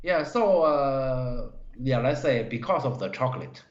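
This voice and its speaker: Halting man reviewing go games. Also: medium pitch, lively intonation. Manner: halting, many fillers, broken English grammar. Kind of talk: live-stream game review. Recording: roomy, dull stream audio.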